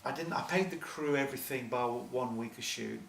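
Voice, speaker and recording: A man's voice: mid-range voice, fairly quick, gravelly, fairly bright tone. A man, a film producer, telling rambling, self-deprecating stories with lots of restarts in an interview before an audience. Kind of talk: storytelling interview answers. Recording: echoey hall, distant mic, faint noise.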